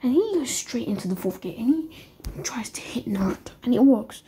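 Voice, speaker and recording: A young woman casually retelling a fan-fiction story as a YouTuber, rambling in a soft, whispery way. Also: on the high side, expressive, normal speed, slight background noise.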